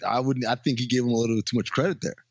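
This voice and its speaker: A man's voice: mid-range voice, very fast, dry recording, lo-fi sound. A man co-hosting a podcast, joking and laughing while chatting casually about a film. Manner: joking, expressive, laughs often. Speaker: podcast co-host. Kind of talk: casual film review chat.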